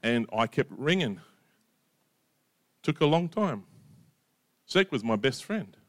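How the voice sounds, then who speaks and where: A middle-aged man preaches in a relaxed, conversational way, often checking in with his listeners. His voice sits at an ordinary middle pitch. The sound is dry and close, with no room echo. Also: slow pace. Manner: conversational, drops in "right?" and "you know". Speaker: pastor. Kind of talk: sermon.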